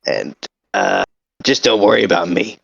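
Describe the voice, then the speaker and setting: A man playing a tabletop game, talking hesitantly with many pauses. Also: low-pitched, sing-song, creaky, fairly bright tone, breathy edge, no room sound. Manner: slow, hesitant, with many uh's. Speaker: player. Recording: dull lo-fi mic.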